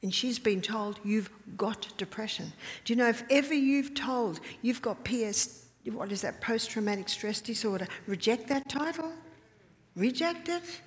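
Her voice sits fairly high and moves expressively at a moderate pace as this mother of several children entertains a health retreat audience with stories. Frequent laughter and sudden whispers punctuate her points, all carried by a long, echoing hall reverb.

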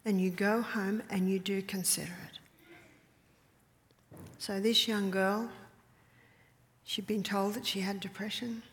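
A woman's voice: mid-range voice, steady tone, a little slow, long pauses. A woman, a mother of several children, telling stories to an audience at a health retreat. She often laughs and drops her voice to a whisper to stress a point. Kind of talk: storytelling talk to an audience. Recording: long hall reverb.

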